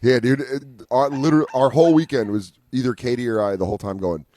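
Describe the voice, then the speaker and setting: A man co-hosting a casual comedy podcast, telling profane stories and acting out the people in quick bursts. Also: medium pitch, mellow, no room sound.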